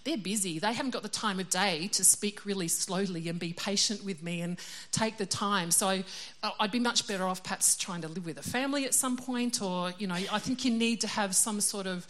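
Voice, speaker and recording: A woman's voice: mid-range voice, fairly quick, few pauses, a bit bright. A middle-aged woman giving a casual, chatty sermon. She is self-deprecating and laughs often. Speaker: preacher.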